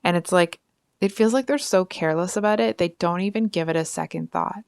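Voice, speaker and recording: A woman with a fairly low, smooth voice talks through a tarot reading in a frank, chatty way. She stacks up fillers and asides. The sound is dry and close. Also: a little fast, no echo. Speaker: tarot reader. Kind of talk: casual tarot reading to camera.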